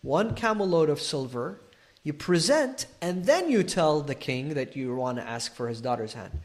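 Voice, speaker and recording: A man voicing a polite, shrewd older male king who speaks in a courteous, measured way. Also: a little high, expressive, pitched below the performer's own voice, natural voice.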